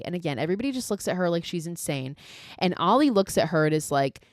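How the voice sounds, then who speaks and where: Young woman, podcast host, casual profane movie recap, lowish voice, dry close sound. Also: fast talker, no room sound. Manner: profane, animated retelling with quoted lines.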